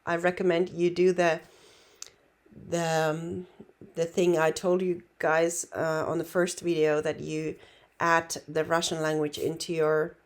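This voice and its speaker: A woman with Finnish as her first language, teaching a relaxed online language lesson in an unhurried, reassuring way. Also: low-pitched. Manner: unhurried, reassuring, many fillers and restarts.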